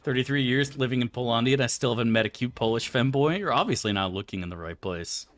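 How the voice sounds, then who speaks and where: A man with a medium-pitched, expressive voice talks fast, with no room sound in the recording. He's streaming a game and rambling loosely with his viewers, swearing freely and answering chat out loud in casual live-stream talk.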